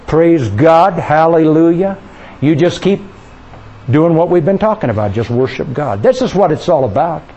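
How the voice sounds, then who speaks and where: High-voiced man leading fervent prayer. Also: animated, muffled recording. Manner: fervent, intimate, coaxing the listeners to pray aloud; drifts into soft, slow speaking in tongues. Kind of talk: charismatic prayer session.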